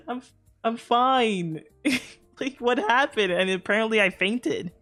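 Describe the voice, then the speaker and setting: A woman's voice: on the high side, a bit bright. A woman streamer telling a casual, rambling story to her chat, full of fillers, restarts and the odd swear word. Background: faint background music.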